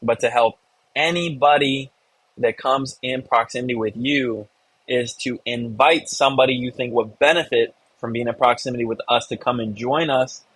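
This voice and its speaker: A man's voice: medium pitch, fairly bright tone, no room sound, poor audio. A man hosting a live online real estate meeting, coaching a member and encouraging the audience. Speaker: host of a real estate investor community call.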